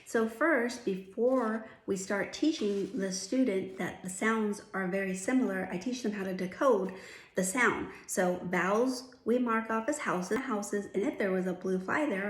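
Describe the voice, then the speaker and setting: A woman's voice: medium pitch, measured pace. A middle-aged woman teaching phonics, patiently explaining and modeling vowel sounds. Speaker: reading teacher. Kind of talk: phonics lesson. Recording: echoey room.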